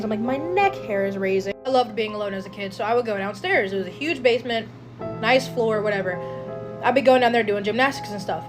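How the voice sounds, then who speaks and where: Young woman from Appalachia, chatty and profane, higher voice, music behind. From Appalachia, United States. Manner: chatty, swears freely, quick asides. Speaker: storyteller. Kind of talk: casual chat, personal ghost story. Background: background music.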